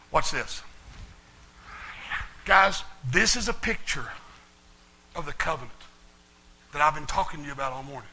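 A middle-aged male pastor preaching a sermon, telling a story in a folksy, animated way. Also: on the high side, a little hiss or hum, low-quality recording. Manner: folksy, animated storytelling with Southern turns of phrase.

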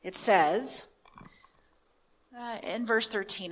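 A woman preaching a sermon, reading scripture aloud and then explaining it in a halting, conversational way. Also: medium pitch, fairly bright tone. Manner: halting, with many restarts and fillers; reads scripture aloud with emphasis.

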